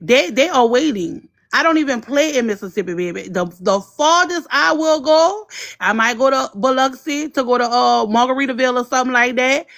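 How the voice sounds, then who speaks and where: Woman, livestream guest, opinionated and emphatic, high-pitched. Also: lively intonation, fairly quick, fairly bright tone. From New Orleans, US. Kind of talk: casual livestream chat.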